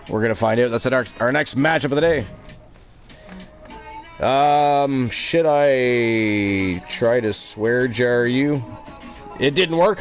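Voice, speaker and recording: A man hosting a wrestling video game livestream, with casual, excitable commentary. He throws in mock announcer lines and crude jokes. Faint music runs quietly behind him. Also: mid-range voice. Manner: excitable, jokey, swears freely, announcer-style flourishes. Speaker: stream host and commentator.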